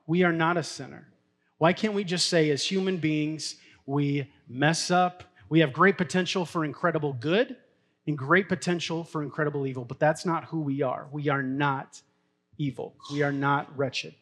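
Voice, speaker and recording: A man's voice: on the high side, fairly even intonation, normal speed, a bit bright. A middle-aged man, a pastor, preaching a sermon in a casual, story-telling way and laughing now and then. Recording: long hall reverb.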